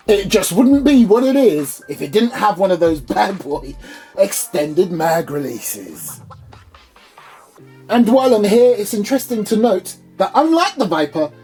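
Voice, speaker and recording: A man doing an upbeat, high-pitched reviewer persona, playfully showing off a product in his small home studio. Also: mellow, husky, full character voice. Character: chirpy high-voiced male gun reviewer persona.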